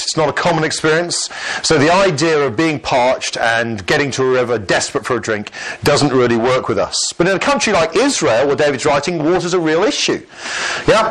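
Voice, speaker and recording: Lively man preaching a sermon. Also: a little high, a little fast, poor audio. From Lancashire, England. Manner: lively, conversational preaching with rhetorical questions and light humour.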